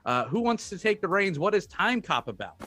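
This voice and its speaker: A man's voice: high-pitched, big pitch swings, a little fast, pushed and bright, no echo. A man hosting a casual movie review podcast, laid-back and joking, with frequent restarts. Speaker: podcast host.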